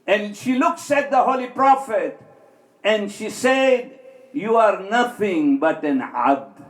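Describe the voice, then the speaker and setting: High-pitched guy preaching, storytelling, acts out the quotes, echoey hall. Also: expressive, takes it slowly. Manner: tells stories, acting out quoted speech with swings of pitch and loudness. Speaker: speaker at an Islamic center. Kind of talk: sermon with storytelling.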